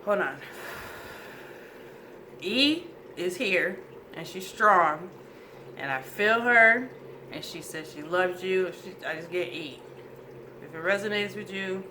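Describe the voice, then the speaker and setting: A woman's voice: fairly low pitch, slow, long pauses, background noise. A woman giving a casual oracle card reading, goofy and chatty, swearing freely and calling her viewers "y'all". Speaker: tarot reader.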